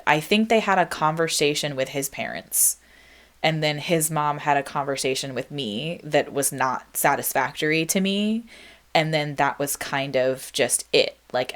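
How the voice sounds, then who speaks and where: Low-voiced woman podcast host musing. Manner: reflective, chatty, many ums and likes, reads her old song lyrics aloud. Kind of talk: casual solo podcast monologue.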